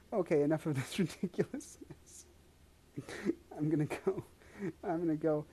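A woman talking casually and unscripted to her listeners, in drawn-out, breathless exclamations broken by frequent laughter. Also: on the low side, warm tone, husky.

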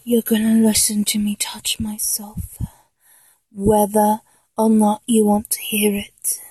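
A woman's voice: mid-range voice, monotone, takes it slowly, dark tone, husky, no room sound, low-quality recording. A woman with an English accent voicing an obsessive, vengeful young woman fan in a whispered role-play, swinging between menacing whispers and manic laughter. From England.

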